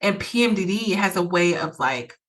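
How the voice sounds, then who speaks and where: With lively intonation and a moderate pace, a woman at medium pitch hosts a podcast offering personal advice. Her delivery is earnest and emphatic, full of repeated phrases and acted-out quoted thoughts.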